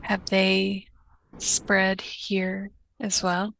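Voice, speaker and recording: A woman voicing a fiery young refugee bard who speaks slowly and deliberately. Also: mid-range voice, completely flat delivery, gravelly, a bit bright, slight background noise, exaggerated voice, rough recording. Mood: earnest.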